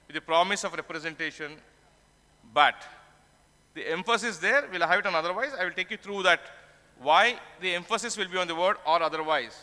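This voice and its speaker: A man delivers a conference talk, asking questions and answering them himself. His voice sits high and sounds sharp and bright. The long reverb of a large hall trails behind each phrase. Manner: explanatory, asks and answers his own questions. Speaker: tax conference speaker. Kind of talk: conference lecture.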